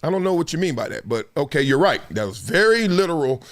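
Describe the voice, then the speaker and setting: A man's voice: on the high side, quick pace. A man in his fifties hosting a casual sports talk show, slangy and laughing often, acting out stories as he tells them. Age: 50s. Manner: animated storyteller, acts out quotes.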